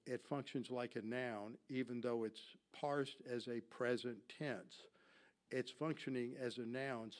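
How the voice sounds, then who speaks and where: The speaker is a man teaching a Bible lesson, his voice mid-range and a bit mellow. Using slides as in a classroom lecture, he covers Greek grammar and answers the very questions he puts to his listeners.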